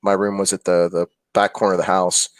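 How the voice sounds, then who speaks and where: A man's voice: deep voice, little pitch movement, brisk, no room sound. A man co-hosting a casual chat, telling a personal story in an earnest, hesitant way. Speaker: podcast co-host. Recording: dry close sound.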